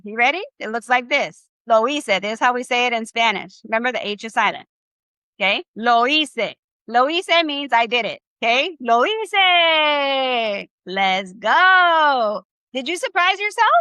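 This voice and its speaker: Upbeat, bright-voiced woman teaching online. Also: high-pitched, no echo. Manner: upbeat, encouraging, casual slang. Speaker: Spanish teacher. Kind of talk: live online class teaching.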